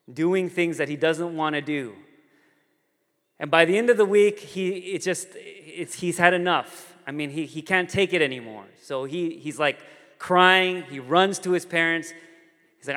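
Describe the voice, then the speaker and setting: A man preaching a sermon, telling stories in an animated way and acting out the characters. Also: medium pitch, normal speed, long reverb tail. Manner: storytelling, animated, voices characters. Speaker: pastor.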